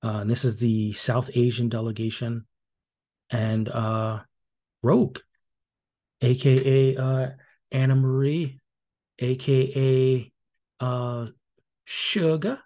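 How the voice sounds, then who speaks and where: A man hosts a solo podcast recap, his voice dark and mellow. He talks loosely, with plenty of ums and restarts, and drops dry, wry remarks as he goes. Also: medium pitch, monotone, slow pace. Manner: casual and rambling, many fillers and restarts. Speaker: podcast host.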